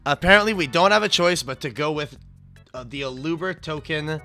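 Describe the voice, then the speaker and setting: Young male stream host, hype-prone, crisp bright voice. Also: fairly high pitch, a little fast. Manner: excitable, shouts and swears when hyped. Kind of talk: casual stream chat. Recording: game music in the background.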